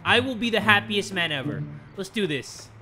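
A young man giving loud, swearing let's-play commentary over a skateboarding game, yelling and laughing as he plays. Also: high-pitched, expressive, normal speed, background noise. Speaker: gaming YouTuber. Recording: game music in the background.

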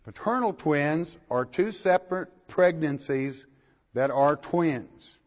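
Folksy older pastor, hall reverb. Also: male voice, fairly high pitch, animated, takes it slowly. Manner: folksy, questioning the listeners and reading scripture aloud. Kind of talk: verse-by-verse Bible lecture. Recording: lo-fi recording in a hall.

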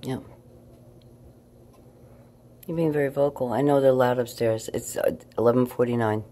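A woman filming a casual night-time video diary in her apartment, swinging between low murmurs and cooing talk to her cat. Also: fairly even intonation, normal speed, warm tone. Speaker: vlogger.

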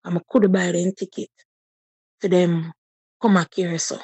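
A woman in her thirties with a Jamaican accent speaks in a husky, mellow voice. She tells a personal story with deep feeling, slipping into patois. The sound is dry and close. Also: little pitch movement, measured pace, no echo. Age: 30s. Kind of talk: personal testimony.

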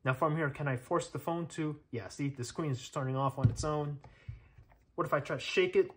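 A man with a slightly high voice talks fairly quickly as he runs a casual hands-on tech test on camera. He's a tech reviewer walking viewers through each step, chatty and thinking aloud, with lots of fillers and checks along the way.

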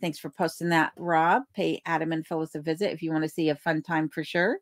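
A woman's voice: low-pitched, fairly even intonation, a little fast, no room sound, studio quality. A woman hosting a casual livestream from her home in remote Alaska, reading out viewer comments, thanking people by name and laughing easily. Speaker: livestream host. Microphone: desk microphone.

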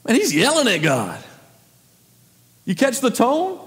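A pastor delivering a sermon in a high, ringing voice. He stresses his points hard and keeps firing questions at the congregation, and a long hall reverb trails each phrase. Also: wildly swooping pitch, measured pace, a bit bright. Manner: emphatic, with frequent rhetorical questions.

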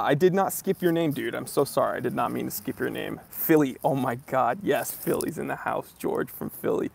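A man's voice: mid-range voice, normal speed, vocal fry, hardly any pauses, husky. A man from New England hosting a live stream outdoors outside a library, greeting viewers by name in an upbeat, casual way.

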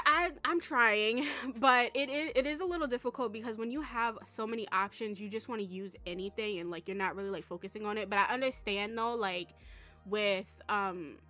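A young woman vlogging casually about a life-simulation game, excitable and rambling, with lots of fillers. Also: medium pitch. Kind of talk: casual chat.

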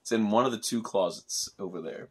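A man's voice: on the low side, brisk. A middle-aged man hosting a casual toy review, explaining things patiently and chuckling often. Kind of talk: casual chat.

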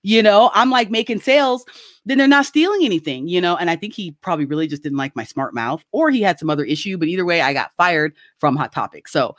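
A middle-aged woman telling a casual story on a video call, animated and laughing often as she acts out quoted voices. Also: on the low side, fast talker, dry recording, clean studio sound. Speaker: guest.

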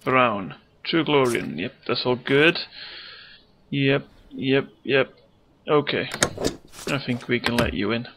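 A man's voice: medium pitch, lively intonation, takes it slowly, fairly bright tone, a little hiss or hum, rough recording. Jokey man narrating his gameplay. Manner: jokey, mutters game text aloud while playing. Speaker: let's play host. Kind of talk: casual gameplay commentary. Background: game music.

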